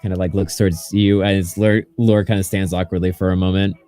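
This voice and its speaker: A man acting as game master, narrating a tabletop game in a relaxed way full of fillers. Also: deep voice, brisk, few pauses, dry recording, soft background music.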